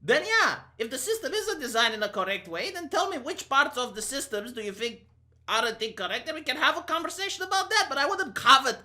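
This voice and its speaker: A woman's voice: high voice, sing-song, fairly quick, pushed and bright. A woman in her thirties with a Romanian accent, ranting sarcastically and profanely in an opinion vlog. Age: 30s. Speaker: commentary vlogger. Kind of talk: opinion rant to camera.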